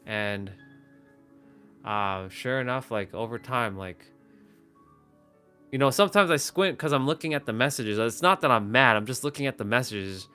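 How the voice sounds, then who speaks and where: A man's voice: medium pitch, lively intonation, normal speed, long pauses, bright, forceful tone, soft background music. A man hosting a live stream, talking casually and rambling with many restarts, speaking to the camera. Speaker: livestream host. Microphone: phone or webcam, facing camera.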